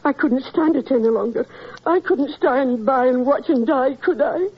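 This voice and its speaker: A woman playing a frightened, tearful landlady in a 1940s radio drama, breathy and stammering. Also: high-pitched, moderate pace. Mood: distraught. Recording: dull old radio recording.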